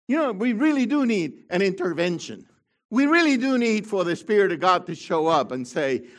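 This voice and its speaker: Here a high-voiced, middle-aged preacher delivers his sermon with passion, alternating hushed side remarks with proclamations he shouts out.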